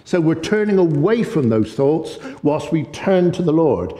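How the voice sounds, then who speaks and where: A man preaching a sermon with impassioned energy, often getting excited and loud. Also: a little high, a little slow, hardly any pauses. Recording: long echoey hall reverb.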